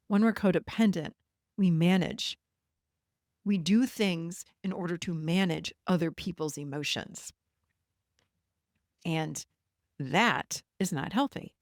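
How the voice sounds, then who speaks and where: A woman's voice: on the low side, slow, pauses often, darkish tone, dry recording, studio quality. A middle-aged woman hosting a solo podcast, talking directly and encouragingly to her listeners about habits. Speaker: podcast host and codependency coach. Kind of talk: solo podcast teaching monologue.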